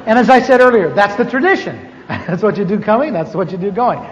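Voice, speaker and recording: A little fast and sitting high, an older man recounts a humorous testimony from his own life, voicing the dialogue as he goes. Faint hiss and a dull, lo-fi quality color the echoey hall recording.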